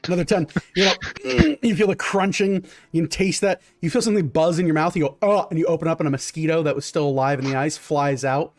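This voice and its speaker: A man's voice: a little high, fairly even intonation, fast talker, few pauses, no echo. A man narrating a tabletop game as game master, describing scenes in a rambling way with many fillers.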